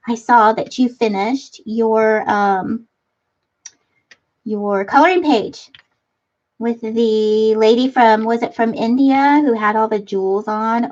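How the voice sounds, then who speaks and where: A middle-aged woman hosts a casual craft livestream from her front room, chatting and giggling with viewers while reading their comments as she crafts. Picked up by a computer webcam mic, her voice is on the high side with a darkish tone and lo-fi sound.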